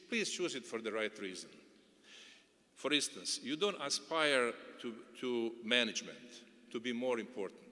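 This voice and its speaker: A man's voice: medium pitch, sharp tone. A middle-aged man from Bosnia and Herzegovina giving an earnest, advising commencement speech, often repeating words. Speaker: commencement speaker. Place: large indoor coliseum. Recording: long reverb of a large arena.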